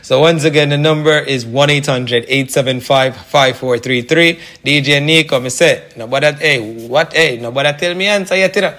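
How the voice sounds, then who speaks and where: A man's voice: on the high side, normal speed, few pauses, fairly bright tone, natural voice. A man putting on a Jamaican patois accent to play a pushy, chatty sales promoter. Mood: salesy. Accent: put-on Jamaican patois. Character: male pitchman in a put-on Jamaican voice.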